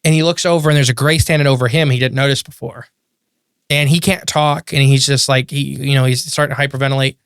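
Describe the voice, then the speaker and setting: Animated man telling a story. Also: medium pitch, quick pace, smooth, dry recording, clean studio sound. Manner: animated storyteller, voice jumps up in disbelief. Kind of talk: casual chat, storytelling.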